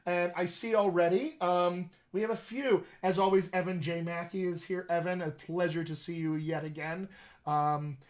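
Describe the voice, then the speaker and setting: A man who is a dialect coach, hosting a casual, joking livestream over a video call. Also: fairly high pitch. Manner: chatty, joking, upbeat. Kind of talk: casual livestream talk to viewers.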